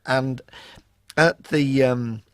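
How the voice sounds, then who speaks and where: A man's voice: medium pitch, fairly even intonation, extremely slow, a bit bright, no echo, studio quality. Man telling funny anecdotes. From England, Rotherham. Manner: humorous raconteur, acts out quoted voices. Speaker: author and school inspector, guest. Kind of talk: anecdotal storytelling in a radio interview.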